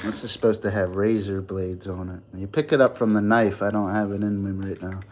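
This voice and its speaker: A man's voice: on the low side, little pitch movement, a little fast, heavy background noise. A man chatting loosely on a livestream, rambling in slang and laughing often. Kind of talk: casual livestream chat.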